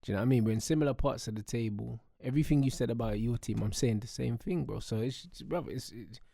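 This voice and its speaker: A man's voice: mid-range voice, quick pace, creaky, warm tone, dry recording. A man chatting casually, amused and agreeing with his co-host. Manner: laid-back, amused, agreeing. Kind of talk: casual chat.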